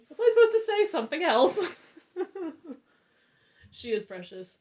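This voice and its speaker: A woman's voice: extremely high pitch, very animated, slow pace, a little mellow. A woman co-hosting a book club chat over a video call, rambling with hesitant restarts. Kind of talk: casual chat.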